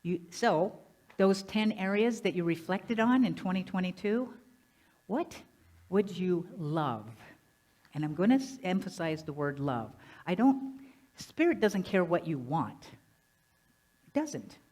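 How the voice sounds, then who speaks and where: A woman minister giving a lively, conversational sermon, often asking the congregation questions. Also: on the low side, measured pace. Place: church sanctuary.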